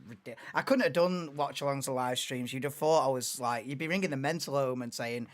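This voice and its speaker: A man in his late twenties, hosting a live race watchalong in an excitable, rambling, chatty way. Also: medium pitch, a little fast. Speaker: livestream host.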